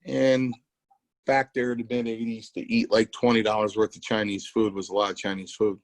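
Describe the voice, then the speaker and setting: This former wrestler, now a middle-aged podcast co-host, has a fairly low voice and a flat delivery at normal speed as he tells rambling stories and acts out characters' lines in casual chat. The recording lacks echo and is low quality.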